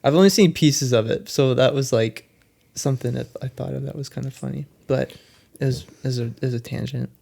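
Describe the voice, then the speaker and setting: A man's voice: mid-range voice, brisk, vocal fry, darkish tone. Young man, casual podcast chat, rambling, quotes scenes, laughing. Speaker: podcast co-host. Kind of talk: casual film discussion.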